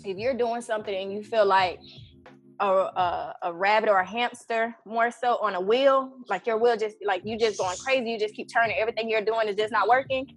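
A woman in her thirties telling a personal story in casual conversation, animated and acting out her own prayers with lots of "you know". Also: medium pitch, brisk, faint music behind. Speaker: event organizer and guest.

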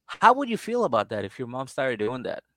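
A man's voice: mid-range voice, sing-song, brisk, pushed and bright. A man co-hosting a casual podcast, retelling a story with lots of acted-out quotes and casual swearing. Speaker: podcast co-host. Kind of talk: casual chat, retelling a show.

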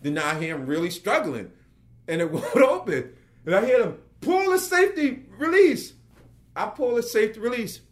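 A man, a working actor, telling an anecdote as a guest and acting out the voices of the people in it. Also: moderate pace. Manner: lively, acts out quotes with big pitch jumps. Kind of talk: animated storytelling.

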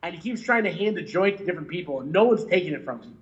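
A man, a touring musician, telling animated, laughing stories over a remote call in a casual interview. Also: sits high, very fast, dull audio. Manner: animated, laughing, swearing, lots of "like" and "you know". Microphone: remote call mic.

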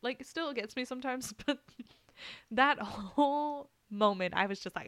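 A young woman hosting a podcast, telling a story in a lively, casual way, laughing often and cursing without holding back. Her voice is smooth and clear at an ordinary pitch for a woman. The recording is close and dry. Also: normal speed, no echo. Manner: animated, laughing, swears freely. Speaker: podcast host.

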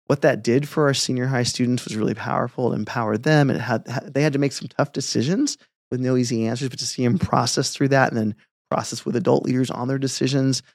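Middle-aged pastor for casual chat, gravelly edge, dry close sound, earnest storyteller. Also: male voice, mid-range voice, fairly even intonation, fast talker, darkish tone, no echo.

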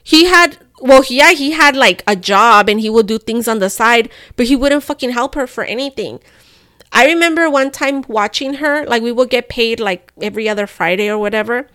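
A young woman, telling a story on a podcast in an animated, profane way and slipping into phrases. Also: fairly high pitch, normal speed, dry recording, clean studio sound. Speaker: podcast co-host. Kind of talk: casual storytelling chat.

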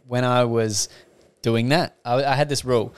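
A young man hosts a podcast in an easygoing, chatty way. His voice is smooth and resonant, and he trades his own stories with his guest at a relaxed pace. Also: mid-range voice, normal speed. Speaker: podcast host. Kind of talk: casual interview chat.

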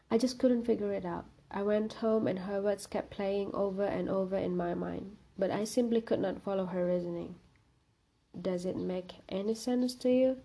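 A woman reading a short story aloud in a calm, measured narration. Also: medium pitch. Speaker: reader.

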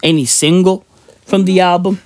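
A woman's voice: fairly low pitch, steady tone, normal speed, darkish tone, no echo. A woman ranting on a podcast in casual, profane, slangy talk, emphatic and mocking.

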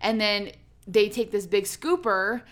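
A woman talking casually and emphatically, full of "like" fillers and the odd swear word. Her voice sits at an ordinary middle pitch. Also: unhurried, a bit bright. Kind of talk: casual chat.

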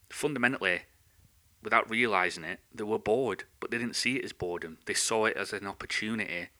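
Sweary man, sharp voice. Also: low voice. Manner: sweary, rambling, animated. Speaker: podcast host. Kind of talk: ranting monologue.

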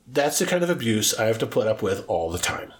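A man's voice: fairly low pitch, sing-song, fairly quick. A middle-aged man co-hosting a casual podcast, playfully quizzing his partner and joking as he explains word origins. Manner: teasing, jokey quizmaster. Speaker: podcast co-host. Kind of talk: casual chat.

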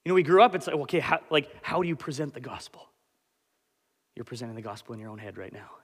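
This male pastor in his twenties preaches fast with a breathy edge at medium pitch. His sermon, given in an echoing church hall, comes across as animated, chatty, and self-mocking.

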